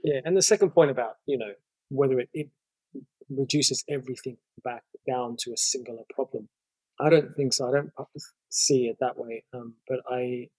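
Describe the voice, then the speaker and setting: A man, a guest lecturer, explaining ideas in a measured conversational way and stacking up long lists of points. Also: medium pitch, darkish tone, husky, no echo, rough recording.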